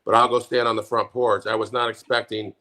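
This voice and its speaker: A middle-aged man with a bright, edgy tone rants and swears his way through a casual podcast chat. He sounds fed up and heated as he talks. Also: medium pitch, little pitch movement, brisk. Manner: angry, profane ranting. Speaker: podcast co-host.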